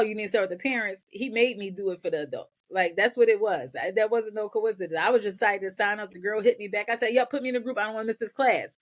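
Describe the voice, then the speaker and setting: A woman guest on a podcast, telling her own story in energetic bursts and often repeating words as she goes. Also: mid-range voice. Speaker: podcast guest, nonprofit founder. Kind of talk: candid personal storytelling.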